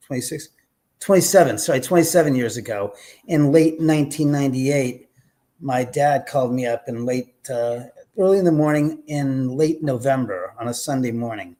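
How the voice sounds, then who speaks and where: A man, a podcast guest telling a story and acting out the dialogue, speaking from home over a remote call. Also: mid-range voice. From Los Angeles, USA. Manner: animated, acts out quoted dialogue. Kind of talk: casual storytelling. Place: home in Los Angeles.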